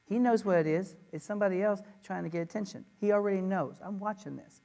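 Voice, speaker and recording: A man is giving an energetic talk at an education conference. He speaks playfully and leans hard on his points. His voice rings out with a long reverb from the conference hall. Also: sits high, quick pace, vocal fry. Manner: animated, playful, emphatic. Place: conference room.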